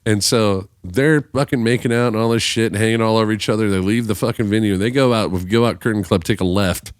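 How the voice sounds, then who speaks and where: A man's voice: on the low side, fast, no echo, clean studio sound. A man telling a long story in a casual podcast chat, swearing freely and acting out the voices of the people he quotes. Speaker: podcast guest musician.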